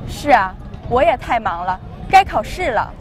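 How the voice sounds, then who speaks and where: A woman playing a friendly young female student in a scripted lesson dialogue, speaking with clear, cheerful delivery. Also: fairly high pitch, very animated, normal speed, some chatter behind, a little hiss or hum.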